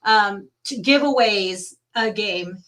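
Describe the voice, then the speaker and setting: A woman co-hosting a casual sports podcast, briskly reading out stats and chiming in with quick remarks. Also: medium pitch, a bit bright. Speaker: podcast co-host.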